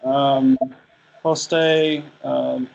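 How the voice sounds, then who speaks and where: A man's voice: mid-range voice, gravelly. A man in a Bible class, hesitantly translating a Greek verse. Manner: slow, flat and hesitant. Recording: muffled class recording with faint noise.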